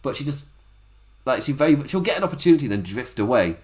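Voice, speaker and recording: A man's voice: mid-range voice, sing-song, fast. A man hosting a casual solo wrestling recap podcast, rambling, cutting himself off and laughing at his own asides. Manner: rambling, self-interrupting, laughs at own jokes.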